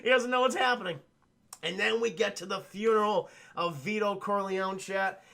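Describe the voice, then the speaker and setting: A man on a casual livestream, retelling a film scene by scene in a rambling, profane, animated way and talking to his chat. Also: sits high, normal speed, gravelly. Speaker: streamer reviewing a film with chat.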